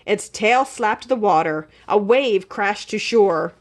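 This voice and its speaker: Woman librarian, storybook read-aloud, very lively pitch, slow and clear. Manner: expressive, animated read-aloud. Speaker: children's librarian. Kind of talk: children's storybook reading.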